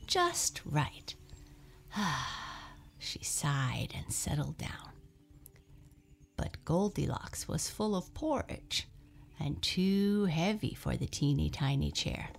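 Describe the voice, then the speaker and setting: Slow, gravelly woman reading a storybook. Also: deep voice. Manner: slow, expressive, drops to soft breathy asides.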